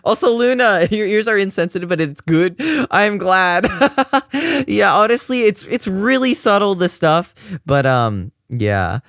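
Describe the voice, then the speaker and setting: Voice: medium pitch, big pitch swings, unhurried, fairly bright tone, clean tone, no room sound, studio quality. A young adult streamer chatting casually with viewers, rambling with lots of fillers and laughing often. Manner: giggly, laughs often, gushing. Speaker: streamer reviewing a cover mix.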